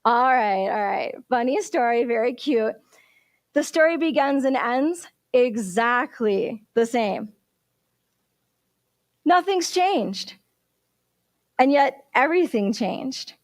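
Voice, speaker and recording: A woman minister with a high, bright voice preaching a sermon, lively and storytelling, often turning to the congregation with questions. The sound is close and dry. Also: slow pace, pauses often, dry recording.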